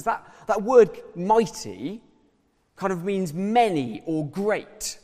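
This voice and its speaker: A man preaching a sermon with an animated, swooping delivery and a fairly high voice. He talks in a casual, conversational way. His voice rings out with a long reverb, as in a church hall. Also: slow pace. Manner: lively, conversational, uses props and slides.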